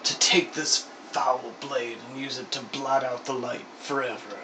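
A man voicing a menacing male villain lord in a low, hushed tone over game music. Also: steady tone, unhurried, distant mic, background noise, close to an everyday voice.

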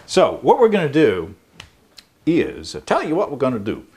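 A man's voice: mid-range voice, wildly swooping pitch, normal speed, a little mellow, slight background noise. A man hosting a home brewing show, explaining in a rambling casual way with many fillers and restarts. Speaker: show host. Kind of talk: casual chat.

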